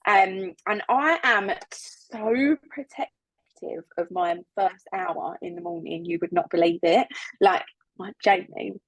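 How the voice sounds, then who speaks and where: A woman's voice: mid-range voice, expressive, takes it slowly, dry recording, poor audio. Upbeat woman chatting thru a team training on a video call, laughs a lot, dry sound. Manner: chatty and upbeat, laughs often, repeats words for emphasis. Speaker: business team leader giving training. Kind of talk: casual motivational team training.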